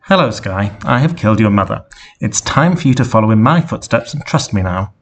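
A calm, cold unicorn assassin speaking flatly and without hurry, read by a man. The voice is low and gravelly, with a husky grain. It comes from a deadpan storybook reading. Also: fairly quick.

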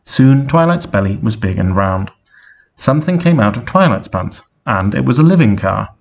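A man reading an absurd fan story aloud with deadpan narration. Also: mid-range voice, normal speed, vocal fry, dull audio. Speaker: story reader.

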